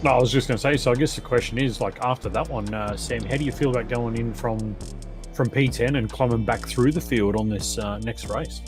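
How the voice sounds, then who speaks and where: Hesitant co-commentator. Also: male voice, mid-range voice, brisk, over music. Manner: hesitant, filler-heavy. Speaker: sim racing co-commentator. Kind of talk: live race commentary.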